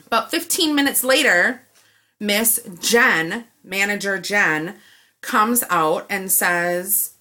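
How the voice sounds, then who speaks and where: A woman recounts a story in a loose, chatty way. She acts out both sides of the exchange with lively energy. Her voice is bright and forward. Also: mid-range voice, takes it slowly. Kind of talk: casual storytelling rant.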